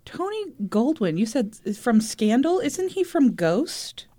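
A woman's voice: fairly high pitch, big pitch swings, measured pace, dark tone, no room sound. A woman co-hosting a comedy chat show, reacting with giggles and skeptical remarks. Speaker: podcast co-host.

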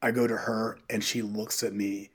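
A man who coaches high school runners, a podcast guest telling stories in a casual, animated way and acting out what people said. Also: normal speed, husky. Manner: animated, quotes people in dialogue. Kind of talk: casual interview storytelling.

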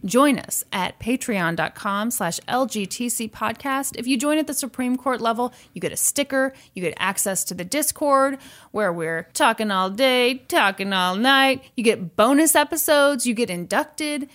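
A woman co-hosting a podcast in casual chat, dry and teasing, brisk when reading plugs. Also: a little high, lively intonation, a bit bright. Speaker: podcast co-host.

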